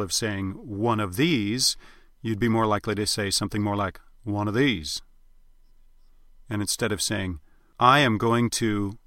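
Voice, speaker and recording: A man coaching dialects in a measured, explanatory tone, now and then demonstrating the sounds he describes. His voice is bright and forward, recorded dry and close with no room around it. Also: fairly low pitch, dry recording. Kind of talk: instructional narration.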